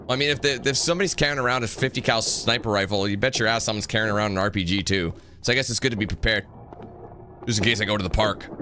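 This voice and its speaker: A North American gaming channel host with a fairly low-pitched voice rambles and jokes his way through casual commentary on a horror game he's playing. He sings snatches of songs and slips into mock voices, all over a noisy background.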